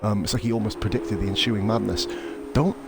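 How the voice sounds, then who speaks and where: Guy doing fast casual sim racing commentary, lowish voice, loud car game noise behind. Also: creaky. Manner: chatty, excitable, swears, calls co-host mate. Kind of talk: live casual race commentary.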